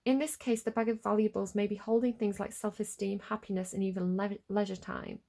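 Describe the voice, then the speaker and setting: A woman's voice: medium pitch, flat delivery, a little fast, vocal fry, warm tone. A woman giving a casual tarot reading, giggly, playful and rambling. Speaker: tarot reader.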